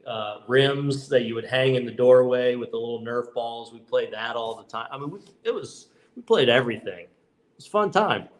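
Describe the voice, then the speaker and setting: Rambling middle-aged man telling stories. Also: mid-range voice. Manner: rambling, frequent restarts and "you know" fillers. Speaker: baseball manager guest. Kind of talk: casual storytelling interview.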